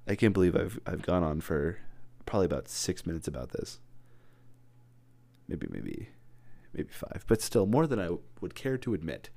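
Young man, very low voice, dry close sound, casual joking rambles. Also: sing-song, normal speed, vocal fry, dark tone, no echo. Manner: joking, goes off on tangents, acts out mock interviews. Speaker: vlogger.

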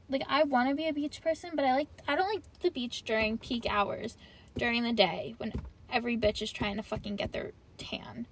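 A young woman rants casually and profanely on her podcast, sprinkling "like" everywhere while sitting in her car. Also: fairly high pitch. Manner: profane, complaining, heavy use of "like". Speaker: podcast host. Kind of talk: casual solo podcast rant.

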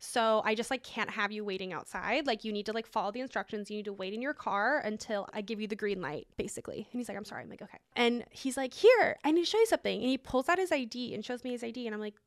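A woman's voice: medium pitch, fast talker, hardly any pauses, dry recording, studio quality. A young woman co-hosting a podcast, telling stories in casual chat with lots of fillers and acted-out dialogue. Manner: animated storytelling, many fillers and quoted dialogue. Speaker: podcast co-host.

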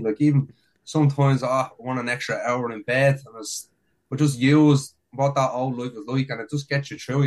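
A man's voice: mid-range voice, low-quality recording. A man, a guest on a casual podcast, speaking earnestly and motivationally with many "like"s. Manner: earnest, motivational, full of fillers like "like".

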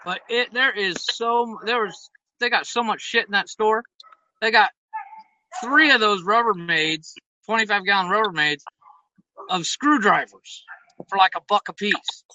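A man's voice: high voice, a little slow, pushed and bright, rough recording. A middle-aged man in casual chat, laid-back and laughing often, swearing casually. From United States.

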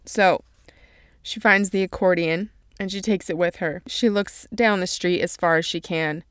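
Woman reader, tearful, summarizing and quoting a novel; lowish, smooth and dry. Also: dry recording. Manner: emotional, tearful at moments. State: crying. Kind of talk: reading and summarizing a novel aloud.

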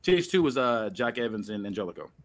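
A man hosting a casual podcast, loosely reading out a storyline with pauses and restarts. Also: medium pitch, big pitch swings. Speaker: podcast host.

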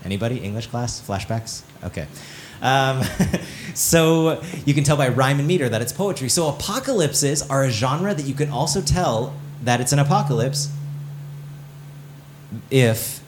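A man pastor giving a casual teaching sermon to a live congregation, joking often, asking the room questions and filling pauses with "um" and "like". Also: mid-range voice, slight background noise. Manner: chatty and joking, with many fillers like "um" and "like"; asks the audience questions and waits for replies.

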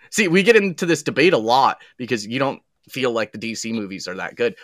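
A man with a bright, forceful voice trades jokes in loose, profane podcast banter. He laughs easily and swears freely. The sound is dry and close. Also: mid-range voice, animated, brisk, no echo. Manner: joking, swears a lot, laughs often. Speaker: podcast co-host. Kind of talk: casual profane chat.

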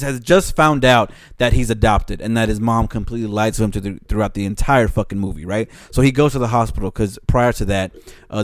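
A man in casual podcast talk with a fairly low voice, laying out a story step by step in an earnest, measured way. He curses now and then for emphasis. The recording is dry and close. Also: dry recording. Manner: earnest, measured plot recapper with occasional cursing. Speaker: podcast co-host. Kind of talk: casual chat.

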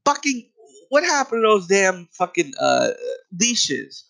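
A man rants in a comedy bit, angry and exasperated, with swearing in almost every sentence. His voice sits high for a man. He sounds fed up and worked up throughout. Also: huge pitch swings, slow, fairly bright tone, poor audio. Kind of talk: profane comedic rant.

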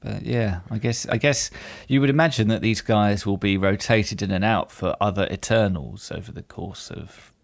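A man's voice: fairly low pitch, moderate pace, vocal fry, hardly any pauses, no room sound. A man hosting a podcast in casual chat, with dry, self-deprecating humor. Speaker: podcast host.

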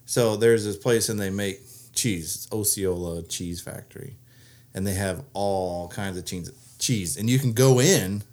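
A man's voice: fairly low pitch, unhurried, darkish tone. A man co-hosting a casual chat show, telling rambling stories full of "uh" and "like". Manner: rambling storyteller, many "uh" and "like" fillers. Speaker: co-host.

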